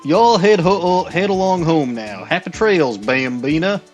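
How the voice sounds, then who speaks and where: A man's voice: on the high side, animated, dull audio, faint music behind. A man voicing a swaggering cowboy detective in a shaky attempted Southern accent, reading game dialogue aloud. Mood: drawling swagger. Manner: slow drawl, bragging frontier talk.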